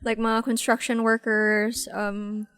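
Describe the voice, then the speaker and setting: A Filipina woman in a casual podcast chat on a beach, giggly and quick to chime in. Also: fairly high pitch, level tone, a bit bright, clean tone. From Philippines.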